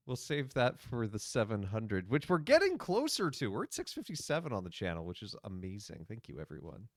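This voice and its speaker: A man's voice: lowish voice, wildly swooping pitch, normal speed, no room sound, studio quality. A priest hosting a game livestream, chatting casually with his viewers and laughing often. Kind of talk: casual livestream gaming commentary.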